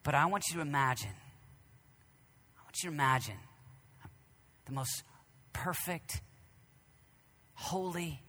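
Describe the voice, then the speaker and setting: Male preacher, sermon, forceful and tense tone, raised voice, repeats phrases, long hall echo. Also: a little high, expressive, unhurried, pauses often. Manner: swings between loud declarations and hushed whispers.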